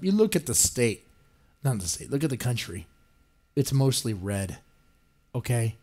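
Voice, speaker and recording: A man's voice: mid-range voice, sing-song, unhurried, pauses often, a little mellow. A man hosting a podcast, ranting and swearing and mocking the people he quotes in put-on voices. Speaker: podcast host. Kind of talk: ranting commentary.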